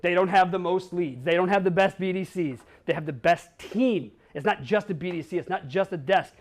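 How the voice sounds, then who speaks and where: A high-pitched, brisk male voice belongs to a conference speaker from Wisconsin. In his keynote in a conference hall, he's blunt, trades jokes with the audience, and swears occasionally.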